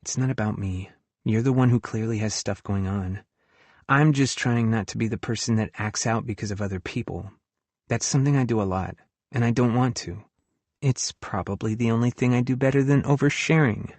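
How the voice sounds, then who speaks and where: A man's voice: mid-range voice, fairly quick, darkish tone, dry recording, lightly acted. A man voicing an earnest, hurt young woman who works as a camp counselor, in an audiobook. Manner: earnest, hurt, talks frankly about her feelings. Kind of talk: audiobook dialogue reading.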